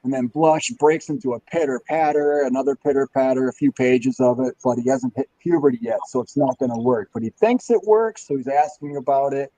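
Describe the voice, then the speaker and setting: Man, podcast guest, rambling plot recap, chuckles, mid-pitched voice. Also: a little fast, hardly any pauses, warm tone, no room sound, highs cut off. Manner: rambling, chuckling, filler-heavy storytelling. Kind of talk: casual chat, recounting a comic's plot.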